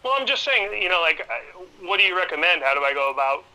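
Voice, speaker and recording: A man's voice: sits high, sing-song, quick pace, sharp tone, rough recording. A man calling in to a livestream asking for advice, talking hesitantly with stammers and restarts. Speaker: caller. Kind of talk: casual call-in chat.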